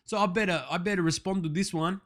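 Brash, smug man, high voice. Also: steady tone, fast, fairly bright tone, a little hiss or hum. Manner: brash, crude, smug and self-congratulating. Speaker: comedian doing an impression as a web show host. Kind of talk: satirical comedy monologue.

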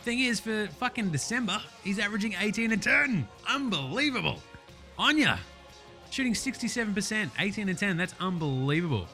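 Australian man, young, casual basketball podcast host, bright forceful voice, slightly high, profane and jokey, faint music behind. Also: lively intonation, brisk. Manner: profane, jokey and enthusiastic, with many fillers. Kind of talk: casual sports recap podcast.

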